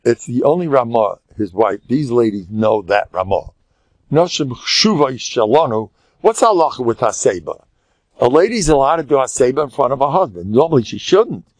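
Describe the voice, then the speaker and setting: A man's voice: medium pitch, very animated, fairly quick, darkish tone, no echo. An older man with an American accent, a rabbi giving a humorous lecture full of stories and Yiddish and Hebrew words, with a boastful, joking manner. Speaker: rabbi and spiritual mentor.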